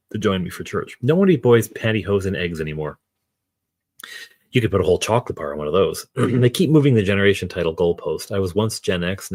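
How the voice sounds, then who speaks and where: A man's voice: deep voice, dry recording. A man in his fifties chatting casually, rambling and wry. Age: 50s. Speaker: streamer. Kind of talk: casual chat.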